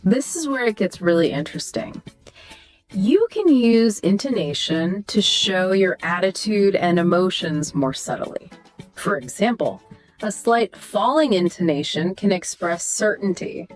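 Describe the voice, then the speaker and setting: A woman with a middle-pitched voice co-hosts an educational podcast, explaining things clearly and acting out sample sentences with pronounced rises and falls. Soft music plays faintly underneath. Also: animated, a little slow. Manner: explanatory, demonstrates example sentences with exaggerated pitch. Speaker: podcast co-host explaining intonation. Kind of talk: scripted educational podcast chat.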